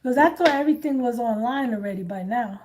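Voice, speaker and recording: A woman hosting a casual chat, animated and blunt, laughing often. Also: on the high side, quick pace. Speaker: host.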